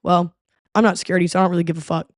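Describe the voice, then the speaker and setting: A woman's voice: lowish voice, flat delivery, very fast, dry recording, clean studio sound, close to an everyday voice. A woman voicing a bored, offhand male rapper speaking to his crowd.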